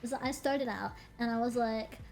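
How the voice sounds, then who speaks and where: A young adult woman streamer, chatting casually and telling a story in an animated way, swearing freely and laughing between lines. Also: fairly high pitch, normal speed, vocal fry, faint music behind.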